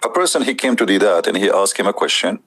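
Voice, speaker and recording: A man's voice: fairly low pitch, expressive, quick pace, fairly bright tone, husky, poor audio. A man hosting a debate show, giving mocking, emphatic commentary on a played clip.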